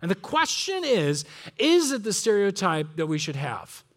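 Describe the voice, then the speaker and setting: Male pastor, higher register, earnest reflective sermon delivery with asides. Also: big pitch swings, unhurried.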